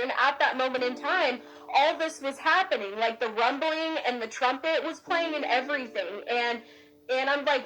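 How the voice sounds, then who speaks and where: A woman's voice: on the high side, a little fast, fairly bright tone, faint music behind, poor audio. A young woman earnestly telling a personal story in casual chat, filling her speech with "like".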